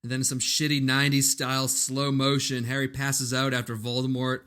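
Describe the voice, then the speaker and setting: A man walks through a movie's plot on a relaxed podcast. His voice sits mid-range, and he slips in dry jokes. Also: mid-range voice, a little fast, clear, resonant tone. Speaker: podcast co-host recapping the plot. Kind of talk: casual plot recap.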